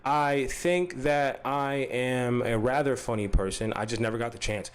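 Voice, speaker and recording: A man hosting an unscripted commentary vlog, swinging between loud mock-threatening rants and low muttering. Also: moderate pace, clear, resonant tone. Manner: loud and animated, pitch jumping up high; drops low and mumbly, muttering to himself. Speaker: commentary channel host.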